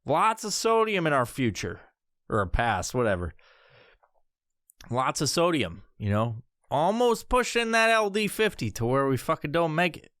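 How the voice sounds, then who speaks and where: Podcast host, man, higher voice, smooth and crisp, dry close mic, swears a lot, jumps into squeaky impressions. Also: moderate pace, dry recording. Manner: profane, animated, mimics voices in high pitch. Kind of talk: solo podcast rant.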